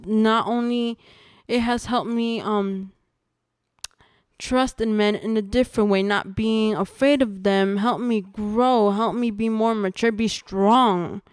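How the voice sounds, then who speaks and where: A woman's voice: mid-range voice, fairly even intonation, smooth, dry recording, studio quality. Earnest young woman telling her testimony. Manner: earnest storytelling, halting with restarts. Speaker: podcast guest sharing testimony. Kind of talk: personal testimony in casual conversation.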